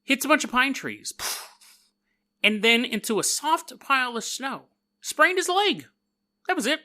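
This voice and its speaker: A man hosting a podcast, telling stories in a casual, joking way, laughing often and putting on quick voices for the people in them. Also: extremely high pitch, very animated, pushed and bright. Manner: laughs often mid-sentence. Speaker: podcast host. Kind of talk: casual storytelling monologue.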